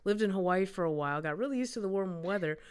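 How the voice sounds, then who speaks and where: A woman's voice: medium pitch, animated, fast talker, smooth. A woman from Wisconsin co-hosting a podcast, chatting casually in a blunt, self-mocking way with some swearing. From Wisconsin, United States. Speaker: podcast co-host. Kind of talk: casual chat.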